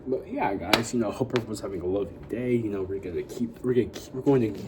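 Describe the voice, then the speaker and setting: A man's voice: fairly low pitch, animated, fast talker, noisy background. A young man vlogging casually to his viewers, rambling with constant fillers and hyping them up. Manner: rambling, full of "you know" and "like" fillers; upbeat hype talk to viewers. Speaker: YouTuber. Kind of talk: casual vlog chat.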